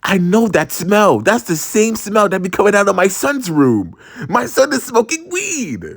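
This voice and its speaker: A woman's voice: mid-range voice, big pitch swings, unhurried, no room sound, studio quality, voice pushed up. A man voicing his suspicious middle-aged mother, who keeps accusing and lecturing in a raised, repetitive voice.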